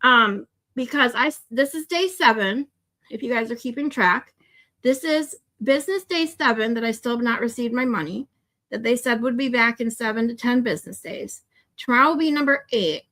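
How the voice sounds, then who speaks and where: A woman's voice: a little high, normal speed, pushed and bright. A woman chatting on her livestream with viewers, rambling, laughing often and turning tearful. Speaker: streamer. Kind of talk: casual livestream chat with viewers.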